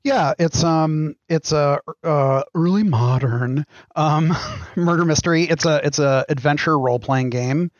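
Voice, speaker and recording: A middle-aged man, a game designer, answering interview questions in a thoughtful, halting way with frequent ums. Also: a little high, no room sound, dull audio. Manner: thoughtful, pauses with many ums. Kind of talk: casual podcast interview.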